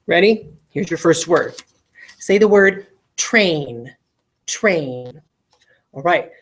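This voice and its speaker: This adult parent, a woman teacher, has a voice on the low side. She walks through a recorded video lesson step by step with patience, pausing to ask her listeners questions.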